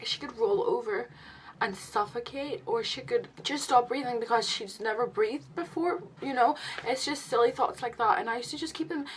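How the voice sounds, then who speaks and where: A young adult woman vlogging a confessional story as a new mother, emotional and halting, with many restarts. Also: a little high, slight background noise, poor audio.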